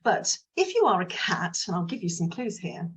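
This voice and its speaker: Lady coach rambling frankly to camera, husky breathy voice. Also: on the low side, very animated, moderate pace. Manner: chatty, frank, digressive. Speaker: business mindset coach. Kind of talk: casual solo talk to viewers.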